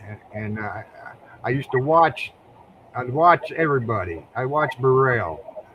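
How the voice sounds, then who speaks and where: A man's voice: mid-range voice, expressive, measured pace, dull audio, noisy background. An older man from Ohio, a guest drag racer, telling folksy stories in casual interview chat, often repeating words and chuckling.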